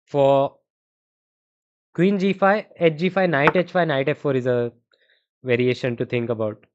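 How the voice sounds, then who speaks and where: Here the young Indian-accented chess streamer sits at medium pitch, speaking a little slowly with long pauses as he reasons through variations and casually replies to chat. Muffled, dull stream audio.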